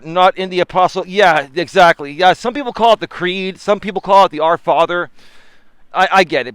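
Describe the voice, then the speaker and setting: A man with a high, clear, smooth voice talks to his live chat as he walks through a park, filming himself on a selfie stick. He chats casually, laughs often and slips into preachy asides. The sound is close and dry. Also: a bit bright, dry recording. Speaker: life coach. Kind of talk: live-streamed walking talk. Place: outdoors in a park. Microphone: camera on a selfie stick.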